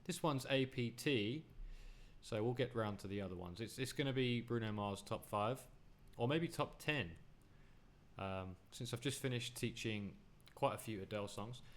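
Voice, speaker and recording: A man's voice: mid-range voice, normal speed. A man teaching a song on the piano in a casual, chatty way, correcting himself as he goes. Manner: chatty, self-correcting, half-sings the lyrics while playing. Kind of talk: casual music lesson. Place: home studio with piano. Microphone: studio USB microphone. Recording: loud piano under the voice. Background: loud piano playing.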